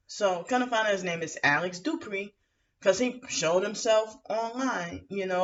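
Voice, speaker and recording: A woman's voice: medium pitch, normal speed, fairly bright tone. A woman venting in a rambling, aggrieved monologue, full of fillers and restarts. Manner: aggrieved, indignant. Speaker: vlogger. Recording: muffled lo-fi audio from some distance to the mic.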